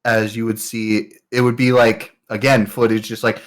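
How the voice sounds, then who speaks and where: A man's voice: on the low side, flat delivery, normal speed. A man narrating a tabletop game as game master in a loose, rambling way. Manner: loose, rambling, filler-heavy.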